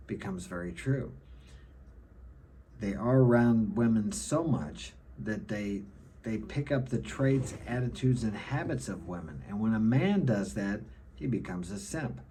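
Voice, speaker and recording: A man's voice: on the low side, mellow, slightly rough. A middle-aged man giving an opinionated monologue to camera, lecturing and often ending his points with a checking "okay?". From United States. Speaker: self-help vlogger.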